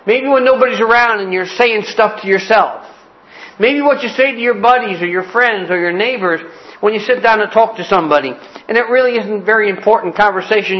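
A man with a high voice preaches a homespun sermon and mixes jokes with scripture. His phrases come back again and again. The recording sounds dull and lo-fi. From Cleveland, Ohio. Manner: folksy, joking preacher with repeated phrases. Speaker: pastor.

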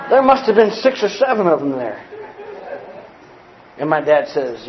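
A man from the United States preaching a sermon, telling a childhood story with lively shouts and acted-out voices. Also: on the high side, moderate pace, long pauses, roomy sound, highs cut off, crowd noise, background noise. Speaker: pastor.

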